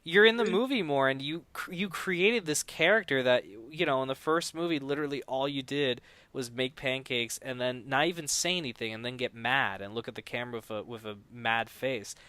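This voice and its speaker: Rambling, animated man with a smooth voice. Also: mid-range voice, fairly quick, few pauses, no echo. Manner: rambling, animated, many restarts; acts out quoted dialogue loudly. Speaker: podcast guest, no-budget filmmaker. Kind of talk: casual podcast Q&A.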